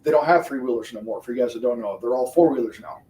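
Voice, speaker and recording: Warm in tone and mid-range in pitch, a man on a livestream talks quickly and casually with his viewers, cursing all the time, laughing frequently and wandering off topic. A faint hiss or hum runs under the roomy, distant-miked recording.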